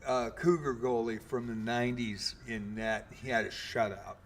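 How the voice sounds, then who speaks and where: A man's voice: medium pitch, steady tone, normal speed. A man in his fifties, a game streamer, casually telling a long story with lots of fillers and mild swearing.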